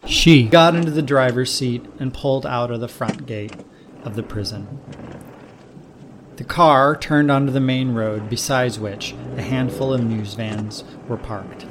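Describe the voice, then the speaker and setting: A male host narrating a written short story in a calm, measured reading voice at a middle pitch. The delivery is even and unhurried, a plain storytelling read. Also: background noise.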